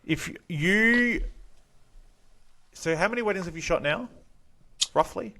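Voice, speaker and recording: A man's voice: sits high, lively intonation, slow, sharp tone, slight background noise. A man with an Australian accent hosting a casual interview, speaking bluntly and swearing freely. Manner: blunt, swearing, plain-spoken. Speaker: podcast host.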